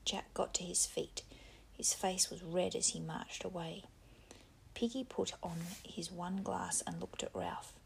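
A woman narrating a novel in a soft, half-whispered reading voice. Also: lowish voice, lively intonation, unhurried, creaky, slight background noise. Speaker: audiobook narrator. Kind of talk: scripted narration.

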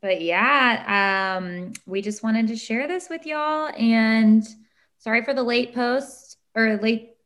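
A woman's voice: on the high side, takes it slowly, a bit bright. A tired woman, co-hosting a podcast and telling a story casually with lots of fillers. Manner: chatty, emotional storytelling with many fillers. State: tired, short on sleep. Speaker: podcast co-host. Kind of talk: casual chat.

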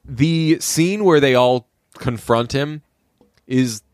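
A man's voice: medium pitch, slow pace, no echo, studio quality. Sarcastic man riffing on movies. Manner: sarcastic, animated storyteller with shouted quoted voices. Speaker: podcast co-host. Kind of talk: casual movie-review chat.

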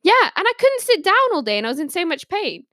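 A woman's voice: very high-pitched, big pitch swings, fast, fairly bright tone, no room sound. Young woman, casual storytelling, laughs a lot, dry close sound. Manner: giggly, laughs often while telling stories. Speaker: podcast panelist.

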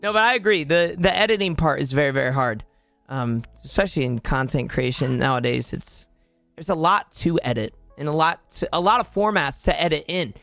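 A young man hosts a laid-back talk with a guest, his voice a touch high for a man. He is recorded dry and close, and he agrees readily and wanders into long tangents. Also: fairly quick, vocal fry, a bit bright, no echo, faint music behind. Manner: upbeat, agreeable, rambling. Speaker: podcast host. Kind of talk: casual chat.

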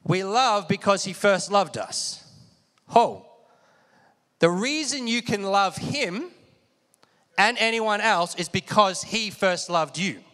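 A man's voice: high voice, slow pace, sharp tone. A man preaching a sermon with lots of energy, calling on the congregation to repeat after him. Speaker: pastor. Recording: long hall reverb.

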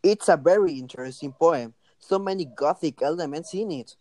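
A male narrator reading a scripted story in a plain, steady way. His voice is mellow and soft-edged. The recording is dry and close. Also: on the high side, normal speed, dry recording, rough recording. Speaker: narrator and co-host.

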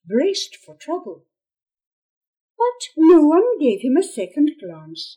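A woman narrating a fantasy audiobook in a slow, expressive storytelling manner. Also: high voice, husky.

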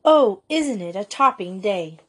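A woman's voice: medium pitch, animated, measured pace, breathy edge. A woman voicing an enthusiastic, gushing schoolgirl in a storybook reading. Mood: excited. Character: excitable schoolgirl.

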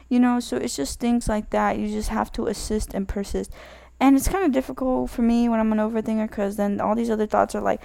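A woman's voice: a little high, steady tone, a little fast, vocal fry, mellow, clean tone, dry recording. A woman giving casual spoken advice in a rambling way, correcting herself often and filling her talk with "like". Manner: rambling, self-correcting, many "like" fillers.

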